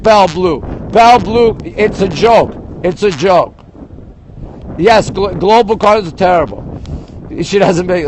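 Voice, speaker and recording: Recorded on a phone outdoors in a big city at dawn, an older Montreal man rants to his live-stream viewers in casual chat, reading their comments aloud. His voice is high, and the rough recording carries a little hiss or hum.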